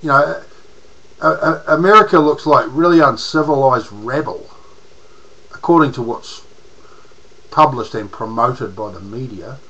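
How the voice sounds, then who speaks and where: A man's voice: mid-range voice, lively intonation, a little slow, sharp tone, lo-fi sound. A man with a New Zealand accent, rambling in a casual monologue to camera as a political vlogger, restarting his sentences often and using slang.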